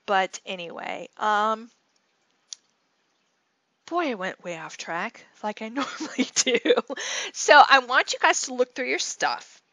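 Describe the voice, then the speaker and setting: A rambling, chatty woman tells a story and explains her craft steps in a casual way. Her voice sits a little higher than most, and the recording is close and dry with no room sound. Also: animated, slow pace, long pauses, fairly bright tone, no echo. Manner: chatty, rambling, with many fillers and restarts. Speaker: scrapbooking channel host.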